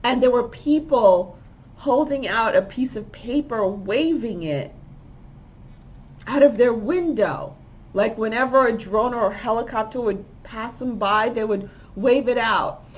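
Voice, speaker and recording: A woman's voice: fairly high pitch, unhurried. A woman hosting a spiritual channel, casually telling a long, rambling story of a vision and acting out the voices of people in it. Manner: rambling, animated, acts out quoted voices.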